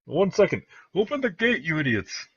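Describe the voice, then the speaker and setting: A man voicing a hearty, friendly male soldier who calls out loudly and talks briskly, in a tabletop game. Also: fairly low pitch, expressive, husky, highs cut off, full character voice.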